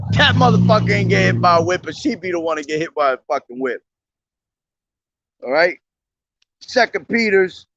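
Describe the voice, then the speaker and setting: A man preaching on the street in a high, bright, sharp voice. His pitch swings widely as he moves between slow, declaimed scripture and fast, profane rants. The sound is dry and slightly dull. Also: lively intonation, no room sound, recorded from a distance. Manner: profane, agitated ranting between loud declaimed verses. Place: outdoors on a street.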